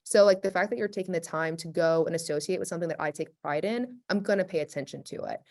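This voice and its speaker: A woman on a webinar panel whose voice is lower than most women's. She talks in a chatty, energetic flow, full of casual fillers. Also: quick pace.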